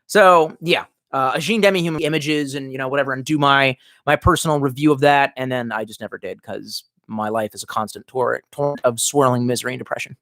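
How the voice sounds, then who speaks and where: A man's voice: medium pitch, fairly quick, few pauses, a bit bright, dry recording, studio quality. A man live-streaming in casual chat, reading out viewer comments and rambling with lots of swearing, fillers and restarts.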